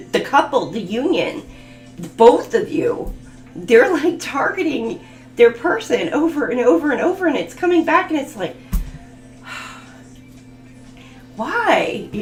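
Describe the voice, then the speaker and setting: A woman giving a live tarot reading, laughing often and swearing bluntly. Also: fairly high pitch. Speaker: tarot reader. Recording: echoey room with faint music.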